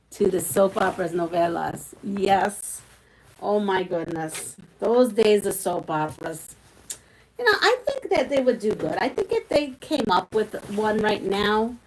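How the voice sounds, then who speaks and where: A woman's voice: fairly low pitch, slight background noise, low-quality recording. Chatty Brooklyn woman hosting a live stream. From Brooklyn, New York. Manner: chatty, reminiscing, reads viewer comments aloud. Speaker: quilting channel host. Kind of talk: casual live-stream chat with viewers.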